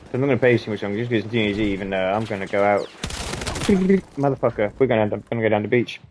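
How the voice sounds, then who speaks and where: A man's voice: lowish voice, fairly even intonation, rapid-fire, a little hiss or hum. A man telling army stories in a rambling, sweary way, often chuckling. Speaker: podcast host and army veteran. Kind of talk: casual storytelling.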